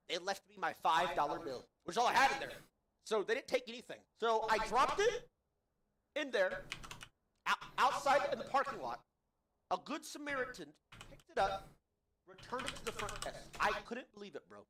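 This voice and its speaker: A young man tells a rambling, profane story about a bad day, exasperated and animated, tossing in "bro" every few lines. His voice sits fairly high for a man. The room around him rings with a noticeable echo. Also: normal speed. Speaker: podcast host. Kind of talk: casual storytelling rant.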